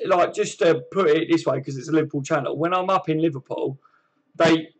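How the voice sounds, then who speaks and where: Brief: southern English male host, slightly higher pitch, easygoing matey banter on a live stream. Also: a little fast. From southern England. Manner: chatty, matey banter with frequent fillers. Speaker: channel host reading live chat. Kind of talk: casual live-stream chat.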